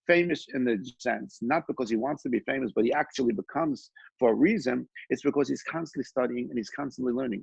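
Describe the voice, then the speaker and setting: Male Torah teacher, conversational storyteller, husky voice, dull lo-fi recording. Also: medium pitch, darkish tone, no echo. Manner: conversational, with frequent restarts and quoted dialogue. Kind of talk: informal Torah class with storytelling.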